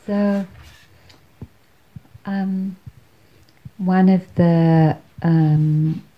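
Woman storyteller, wry and measured, very slow delivery. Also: fairly low pitch, steady tone, muffled recording. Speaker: speaker telling a story. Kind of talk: storytelling talk.

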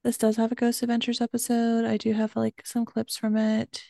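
Woman co-host from Georgia and Maryland, jokey, slightly high, gravelly voice. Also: monotone, normal speed, mellow, no room sound, studio quality. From Georgia and southern Maryland, USA. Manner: playful, jokey, presents the research. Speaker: podcast co-host. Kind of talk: casual chat.

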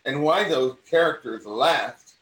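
A man with a mid-Atlantic accent, an acting teacher talking in an interview, animated and given to restarting his sentences. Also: mid-range voice, takes it slowly. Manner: animated, repeats and restarts phrases. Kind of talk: conversational interview. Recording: roomy sound from distance.

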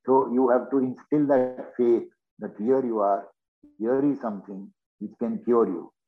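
A man talks in short, earnest phrases, urging his point. His voice comes through a thin, phone-like line with a middling pitch. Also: fairly even intonation, a little slow. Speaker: interview guest. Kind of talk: earnest conversational storytelling. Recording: tinny phone-like call audio.

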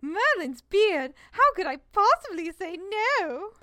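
A woman's voice: very high-pitched, sing-song, measured pace, pushed and bright, no echo, studio quality, heavily acted. A woman voicing a starstruck young witch shopper who fawns and gasps in a comedy sketch ad. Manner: breathless, gasping, fawning. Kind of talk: comedic parody ad in a game.

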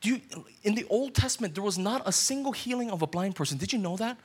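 A man's voice: sits high, lively intonation, fast talker, husky. A man, a pastor, preaching a sermon in an earnest way and putting questions straight to his listeners.

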